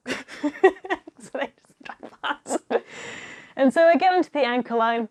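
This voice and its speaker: A young woman telling a diving story in a casual, animated way, laughing often and acting out what people said. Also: high-pitched, a little slow, pauses often. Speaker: diver telling stories.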